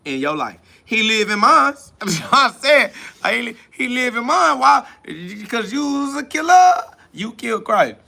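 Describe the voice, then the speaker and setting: A man's voice: extremely high pitch, sing-song, normal speed, creaky, bright, forceful tone. A man hosting a casual livestream, answering chat comments in a mocking, preachy, profane and rambling way. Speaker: livestream host.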